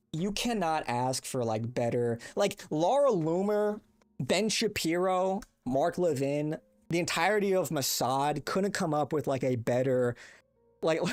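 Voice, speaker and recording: A young man with a voice on the high side hosts a casual stream, rambling and swearing as he chats with viewers. He uses a desk microphone with a compressor, and the recording is dry.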